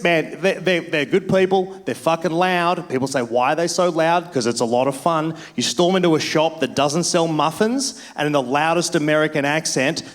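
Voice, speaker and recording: A man from Australia doing a stand-up comedy set on a club stage. He tells a profane story on a handheld mic. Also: on the high side.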